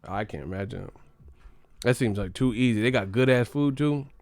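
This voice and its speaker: Male streamer, mid-pitched, dry close sound, slangy profane joking rant. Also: normal speed, darkish tone, no echo. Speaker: boxing live-stream host. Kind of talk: casual live-stream rant.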